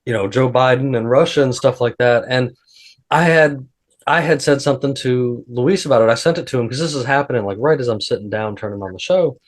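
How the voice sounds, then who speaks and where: A man's voice: mid-range voice, fairly quick. A man hosting a podcast, telling a rambling story in casual chat with lots of restarts. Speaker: podcast host.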